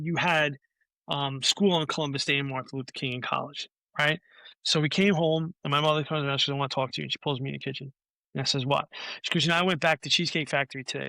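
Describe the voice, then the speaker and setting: A man's voice: a little high, sharp tone, dry recording. A man in his forties, a podcast guest, telling a long anecdote in casual talk, swearing freely and acting out what other people said. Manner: swears freely, acts out quoted voices.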